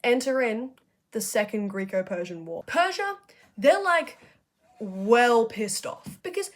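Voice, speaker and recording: A woman's voice: fairly high pitch, animated. A young woman casually retelling history in a slangy, profane, chatty way, hosting a video essay. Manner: profane, chatty, acts out figures in quick asides.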